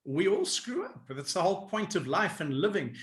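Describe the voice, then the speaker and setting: A man coaching in an animated interview. He talks in a lively way, laughs often and acts out people's inner voices. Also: high voice, a little fast, roomy sound.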